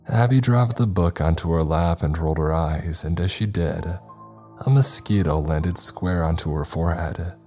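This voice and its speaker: A man narrating a scary story in a calm, measured way. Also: low voice. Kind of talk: scripted horror story narration. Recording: faint music bed underneath.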